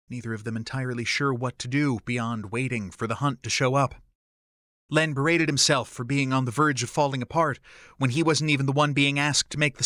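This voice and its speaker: A man narrating an audiobook in a steady, even storytelling voice. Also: mid-range voice, no room sound, clean studio sound. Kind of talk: scripted narration.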